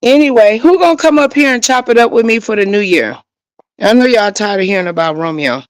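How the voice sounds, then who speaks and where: Woman streamer, fairly high voice, rambling chat to viewers on a phone mic. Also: expressive, brisk, low-quality recording. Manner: frustrated, rambling, talks straight to viewers. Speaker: livestream host. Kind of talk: casual livestream chat.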